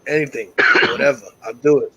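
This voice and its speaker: A middle-aged man hosting a call-in talk show, telling stories in a casual, profane and animated way. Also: medium pitch, a little fast, a little hiss or hum, rough recording. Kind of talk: casual storytelling chat.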